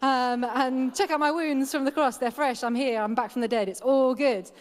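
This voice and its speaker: A woman's voice: high voice, fairly even intonation, moderate pace, lightly acted. A woman voicing a casual, upbeat Jesus who talks in offhand, chummy modern slang. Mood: breezy. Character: breezy, upbeat male Jesus, casual and reassuring. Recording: echoey church hall.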